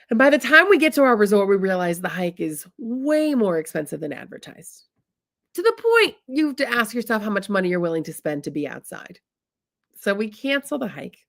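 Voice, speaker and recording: This married adult woman from the US Midwest tells a funny personal story in a chatty, comic style, often addressing her listeners as "y'all." Her voice sits in the mid-range with a fairly bright tone.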